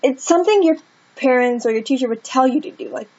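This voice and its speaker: A woman's voice: a little high, lively intonation, normal speed, darkish tone, muffled recording. A woman giving a casual grammar lesson, talking it through in a chatty way and acting out example sentences. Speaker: student tutor.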